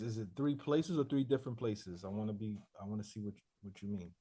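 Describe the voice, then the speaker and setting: A man's voice: lowish voice, brisk, few pauses, mellow, breathy edge. Male rap instructor scatting flows. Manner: repeats student answers, scats syllable flows to demonstrate. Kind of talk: casual class review.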